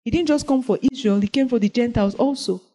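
A woman preaching a sermon, with an animated delivery that swings between loud exclamations and soft, prayerful lines. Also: a little high, quick pace, low-quality recording.

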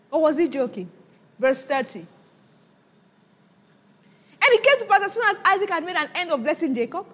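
Brief: woman preacher, very high swooping voice, long hall reverb, animated sermon delivery. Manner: animated, laughs often, dramatic retelling. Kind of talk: sermon, Bible teaching.

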